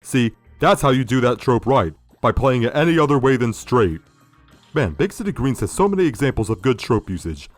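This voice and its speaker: A man's voice: medium pitch, very animated, fairly quick, no echo, faint music behind. A man hosting a critical video review, sardonic and profane. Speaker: video essay host.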